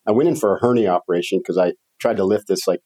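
A man's voice: low voice, racing, warm tone, breathy edge. A man hosting a podcast interview who reacts to his guest with enthusiasm. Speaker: podcast host. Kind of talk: casual interview chat.

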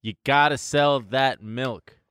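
A man's voice: mid-range voice, slow pace, fairly bright tone, smooth, dry recording, studio quality. A man co-hosting a podcast in loose, profane, joking banter. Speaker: podcast co-host. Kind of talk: casual chat.

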